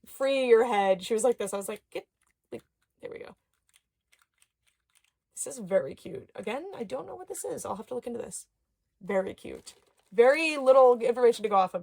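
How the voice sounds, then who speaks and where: A young adult woman chatting casually as she unboxes dolls and toys, excitable, with gasps and soft murmured asides. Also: fairly high pitch. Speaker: doll collector YouTuber.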